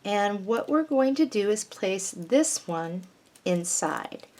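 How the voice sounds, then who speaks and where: A woman's voice: mid-range voice, lively intonation, slow, warm tone. A woman hosting a craft tutorial, patiently talking through each step of a paper flower project as she works.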